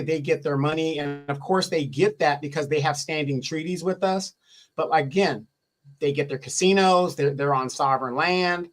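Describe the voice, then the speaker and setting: A man's voice: a little high, a bit bright. A man giving opinionated political commentary, repeating his points and asking rhetorical questions. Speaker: co-host or guest commentator.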